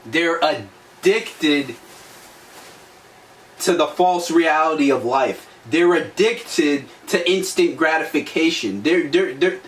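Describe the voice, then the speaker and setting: Young man, high voice, blunt preachy delivery, roomy echo, distant mic. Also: slow. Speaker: podcast co-host. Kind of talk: motivational talk. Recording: echoey room, distant mic, faint noise.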